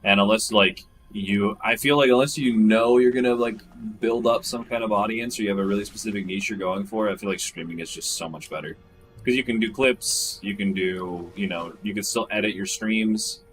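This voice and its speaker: A young man with a fairly low voice talks loosely with a friend about streaming and games. He swears freely and slips into over-the-top high impressions of other people. A faint room ambience sits behind him. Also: moderate pace, a bit bright, a little hiss or hum, poor audio. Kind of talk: casual chat between gamer friends.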